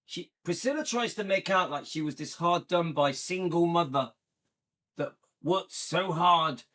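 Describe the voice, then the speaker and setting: Man, channel host, rambling casual commentary, somewhat high voice, irritated. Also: unhurried, pushed and bright. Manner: chatty, annoyed, thinks aloud with restarts. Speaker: channel host reacting to videos.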